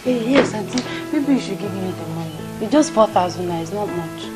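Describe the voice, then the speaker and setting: A woman's voice: mid-range voice, lively intonation, brisk, close to an everyday voice, poor audio. A woman playing a pleading Nigerian student daughter. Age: young adult. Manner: pleading, indignant. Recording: very loud film music behind.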